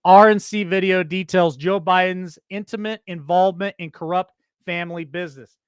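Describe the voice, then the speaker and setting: A man's voice: high-pitched, fairly even intonation, normal speed, clean tone, dry recording, studio quality. Fired-up male headline commentator. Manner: reads headlines then breaks off into loud indignant rants. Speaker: host reading and commenting on headlines. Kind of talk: opinionated news commentary show.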